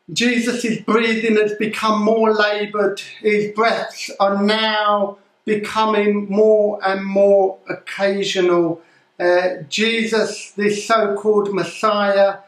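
A male pastor preaches a sermon staged as a live news report, speaking gravely with halting restarts. His voice sits high for a man and moves at a slow, deliberate pace. The sound carries a noticeable room echo.

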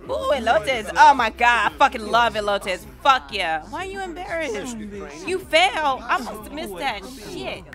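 A woman's voice: high-pitched, very animated, normal speed, crowd noise. A woman giving casual, profane commentary over a life-sim game, hyping and trash-talking the characters. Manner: profane, playful, dramatic trash talk at the game. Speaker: let's play gamer. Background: game music.

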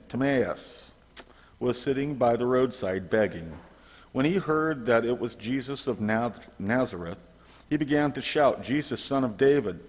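A man reading scripture aloud in church, halting and stumbling over names. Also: medium pitch. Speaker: scripture reader. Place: large church sanctuary. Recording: long church reverb.

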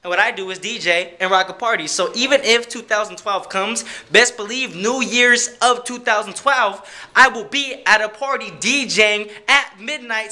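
A man's voice: high voice, moderate pace, pushed and bright. A young adult man, a DJ and club promoter, talking in a rambling, hyped, playful vlog style with casual swearing.

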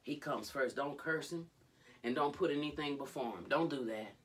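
A woman's voice: very deep voice, normal speed, recorded from a distance, slight background noise. A woman coach hosting a reality-show commentary vlog, retelling events dramatically and calling out to the Lord. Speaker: life coach and vlogger.

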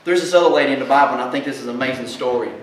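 A man preaching a sermon as pastor, animated and plainspoken, often quizzing his congregation with questions. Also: mid-range voice, very fast, slight background noise. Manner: folksy, plainspoken. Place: large church hall. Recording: echoey hall, voice from far off.

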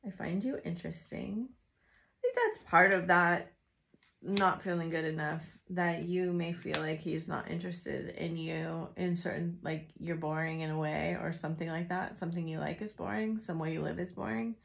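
Gravelly-voiced woman giving a tarot reading. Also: lowish voice, fairly even intonation, normal speed, fairly bright tone, a little hiss or hum, rough recording. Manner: chatty and intuitive, with frequent fillers and asides. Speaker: tarot reader. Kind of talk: casual tarot love reading.

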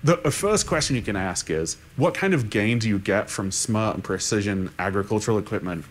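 A man with a somewhat low voice answers questions on a conference panel. He thinks aloud, restarts his sentences and keeps checking in with "right?". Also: lively intonation, a little fast. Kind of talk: unscripted panel discussion.

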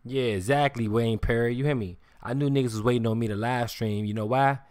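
A man goes off on a live stream in a profane, confrontational tirade, circling back to the same points and insisting, "you hear me?" Despite the heat, his medium-pitched voice is smooth and a little mellow, moving slightly fast.

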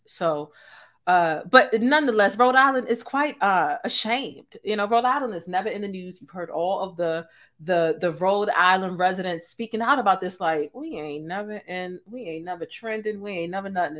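A young woman hosts a live-stream and rants in sassy, profane bursts. Her voice sits at an ordinary middle pitch and she talks straight to her viewers. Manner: sassy, profane, animated ranting with laughs. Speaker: host.

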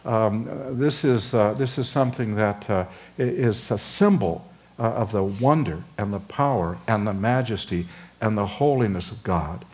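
An older man, a seminary professor, preaching an expository sermon with frequent pauses and fillers, his voice lifting for emphasis. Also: lowish voice, a little mellow. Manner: acts out dialogue between Moses and God.

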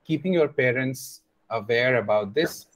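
A man's voice: mid-range voice, lively intonation, unhurried. A young man teaching children in an online class, explaining patiently and repeating his points, with many fillers. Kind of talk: teaching kids over a video call. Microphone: video call.

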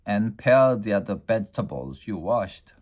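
A man's voice: on the low side, sing-song, measured pace, a little mellow. A man voicing a flustered, fussy lady of the house, exclaiming in exasperation in a raised voice. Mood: exasperated.

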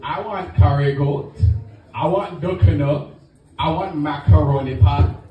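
A man's voice: a little high, a little slow, narrow, tinny audio, pitched below the performer's own voice, lightly acted. A man voicing an older Caribbean father with a Caribbean accent, nagging and firing off one question after another. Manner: string of scolding questions. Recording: echoey club, distant mic, crowd.

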